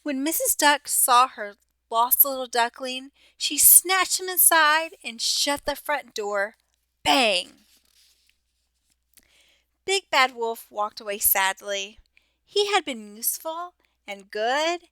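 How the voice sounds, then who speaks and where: A teacher reading a children's storybook aloud, slowly and expressively. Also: female voice, sits high, lively intonation, bright, forceful tone, smooth, no room sound.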